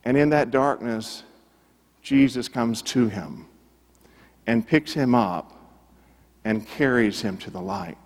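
A man delivers a sermon as a story, earnest and steady in a middle pitch. He repeats phrases for weight and drops his voice to a hush at the key moments. His words ring with a long reverb, as in a church sanctuary. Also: slow pace, pauses often. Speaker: preacher.

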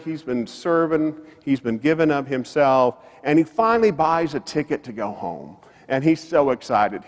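Man, pastor, sermon, animated storytelling delivery, mid-pitched voice, long church-hall reverb. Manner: storytelling preacher, rises and falls for emphasis.

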